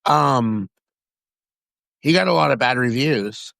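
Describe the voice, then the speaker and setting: A man from Sacramento, California, chatting as a guest, telling stories in an excitable, rambling way with frequent restarts. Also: mid-range voice, slow pace, vocal fry, no room sound. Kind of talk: casual chat.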